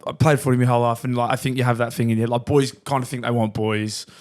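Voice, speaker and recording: A man's voice: medium pitch, little pitch movement, darkish tone. A man in his thirties with an Australian accent, a podcast guest chatting in a blokey, swearing way. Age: 30s. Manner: blokey, swearing, quick reactions. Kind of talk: casual banter.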